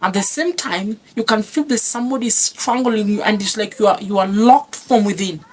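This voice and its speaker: A woman's voice: mid-range voice, fairly quick. A woman giving an earnest personal testimony, repeating phrases and restarting often. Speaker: guest sharing a testimony.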